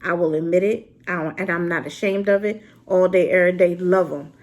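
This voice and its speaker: A woman's voice: on the low side, steady tone, fairly quick, a little mellow, muffled recording. A woman reviewing a drama to camera in an unscripted, rambling rant, exclaiming and talking straight to her viewers. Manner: unscripted and unedited.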